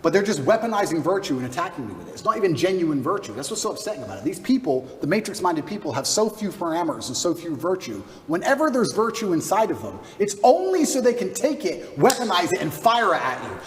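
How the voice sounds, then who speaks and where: A man answering interview questions in a forceful, combative way, hammering his points through repetition. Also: sits high, very animated, fast, hardly any pauses, echoey room, in a large hall, recorded from a distance. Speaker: guest.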